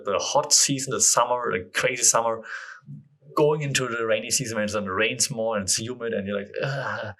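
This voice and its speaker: A man's voice: on the low side, a bit bright. A man hosting his own podcast, chatting casually and thinking aloud in a loose, rambling way. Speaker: podcast host. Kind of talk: casual solo podcast chat.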